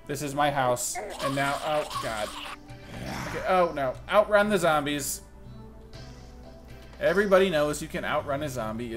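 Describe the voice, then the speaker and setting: A young man commenting casually as he plays a video game, excitable and self-mocking, with sudden loud outbursts. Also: on the high side. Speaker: gaming channel host. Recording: faint music behind the voice.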